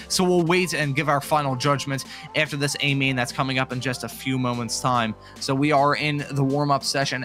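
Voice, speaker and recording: Bright-voiced upbeat male race commentator. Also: medium pitch. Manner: chatty and upbeat, jokes between calls. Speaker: lead commentator. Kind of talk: sim racing broadcast commentary. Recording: faint music bed behind.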